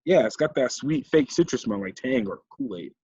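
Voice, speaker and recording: A brash, curious boy, blunt and offhand, as a man reads him. The sound is husky and dull. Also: medium pitch, expressive, moderate pace, a little mellow, no echo. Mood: casual. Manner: casual and blunt.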